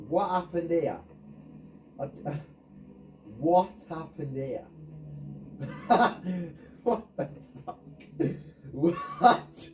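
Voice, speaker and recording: A man's voice: a little high, extremely slow, pauses often, darkish tone, a little hiss or hum. A man commentating his own video game match, swearing and ranting at his teammates. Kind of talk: frustrated gameplay commentary. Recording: voice distant from the mic.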